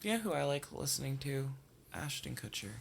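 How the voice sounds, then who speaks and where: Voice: medium pitch, very animated, moderate pace, gravelly, slight background noise. A podcast co-host talking casually and eagerly about a movie, trailing off into fillers. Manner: chatty and enthusiastic, trails off into fillers. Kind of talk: casual movie discussion chat.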